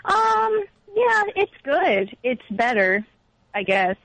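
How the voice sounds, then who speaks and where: A woman's voice: high-pitched, sing-song, slow, creaky, fairly bright tone, dry recording, low-quality recording. A woman from Massachusetts calling in to a radio show, talking hesitantly with many ums. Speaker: caller. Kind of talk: call-in radio chat.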